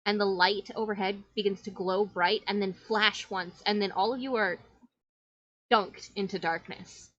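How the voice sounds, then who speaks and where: A woman's voice: medium pitch, steady tone, unhurried, fairly bright tone, dry recording, muffled recording. A woman narrating a tabletop game as game master, in flowing, descriptive storytelling.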